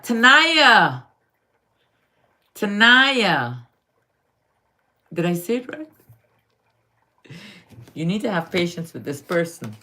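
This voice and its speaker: A woman's voice: on the low side, sharp tone. A woman from Guyana giving astrology readings to viewers on a live stream, affectionately calling them darling. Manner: affectionate, calls viewers darling, slow and drawn-out.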